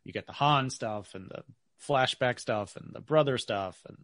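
A man's voice: medium pitch, normal speed, a bit bright, dry recording, clean studio sound. A man co-hosting a podcast in casual chat, blunt and disparaging in his opinions. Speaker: podcast co-host.

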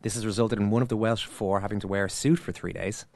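Fast-talking Irish man hosting a podcast. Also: on the low side, steady tone, gravelly, a little mellow, no room sound. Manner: wry, laughing, mock-dramatic delivery. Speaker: podcast host. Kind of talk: casual sports chat.

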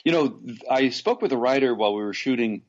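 A man's voice: mid-range voice, a little fast. Rambling man telling showbiz stories, lo-fi. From Los Angeles. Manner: rambling, frequent restarts and animated asides. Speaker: actor guest. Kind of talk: casual interview anecdotes.

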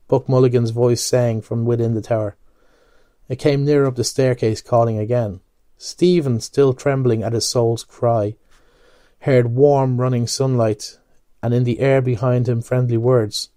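A man reading literature aloud for a podcast, measured, now and then stumbling and correcting himself. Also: medium pitch, fairly even intonation, warm tone, no room sound. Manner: measured, with occasional slips and self-corrections. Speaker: podcast reader.

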